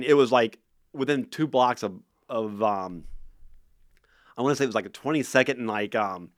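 A man guest on a podcast, telling a story in a loose, animated way and stumbling over repeated words. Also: medium pitch, no room sound, clean studio sound. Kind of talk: casual storytelling.

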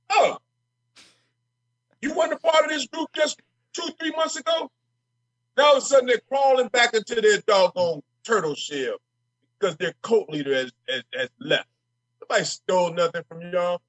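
High-pitched man, dry close sound, fiery emphatic politician guest who stumbles over repeated words. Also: moderate pace, fairly bright tone, no room sound. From Minnesota. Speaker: state legislator guest. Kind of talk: passionate interview talk.

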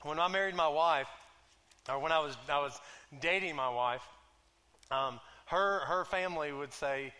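A man preaching a sermon, conversational and joking, who slows right down when reading scripture. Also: on the high side, bright, forceful tone. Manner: conversational and joking, drags out scripture lines slowly. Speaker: pastor.

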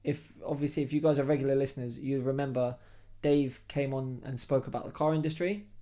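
Guy chatting on his podcast mic, slangy and animated, mid pitch. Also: fairly quick. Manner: animated, slangy, laughs while telling stories. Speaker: podcast host. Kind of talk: casual storytelling chat.

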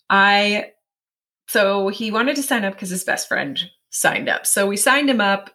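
A woman in her forties, a guest in an interview, telling a personal story in a chatty way, full of fillers, often acting out what her inner voice says. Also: mid-range voice. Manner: chatty, many fillers, animated self-quoting.

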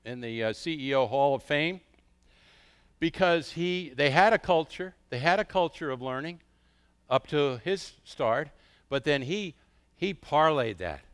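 A middle-aged man preaching a sermon as a pastor. He tells stories with animated rhetorical questions. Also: fairly high pitch, a little slow, clear, resonant tone.

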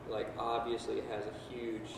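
Gravelly man asking from far off. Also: fairly low pitch, completely flat delivery, measured pace. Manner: hesitant, many fillers. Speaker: audience member asking a question. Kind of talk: Q&A question. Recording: very echoey hall, from far off, noise.

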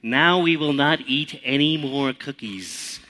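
A man voicing a sensible, patient male frog in a storybook read aloud, in a calm, slightly lowered voice. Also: takes it slowly.

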